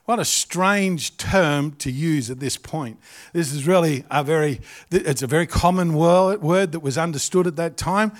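A middle-aged man with an Australian accent preaching a sermon, animated and jokey, acting out little asides. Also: fairly high pitch, normal speed. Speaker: pastor.

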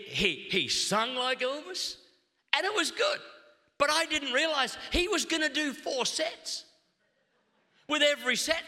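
Australian male pastor, middle-aged, high and brilliant tone, animated storyteller. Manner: animated humorous storytelling with quick restarts. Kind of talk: sermon. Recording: long hall reverb.

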